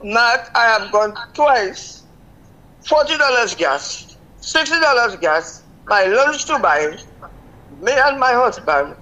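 An older woman calls in to a radio show to complain, venting her frustration emphatically and repeating herself. Her high-side voice is bright and forceful, with lively intonation and a slow pace, and the audio is poor.

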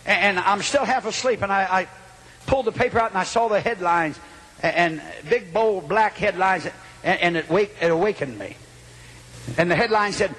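Older male revival preacher, high bright voice, storytelling that swells into shouts. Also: lively intonation, moderate pace. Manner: dramatic storytelling, rising to shouts. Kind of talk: Pentecostal revival sermon. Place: church or hall before a congregation.

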